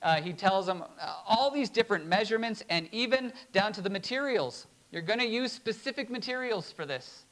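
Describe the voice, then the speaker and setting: A pastor preaching a sermon, reading scripture slowly and emphatically, with short laughs between points. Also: male voice, high-pitched, animated, fairly bright tone, poor audio.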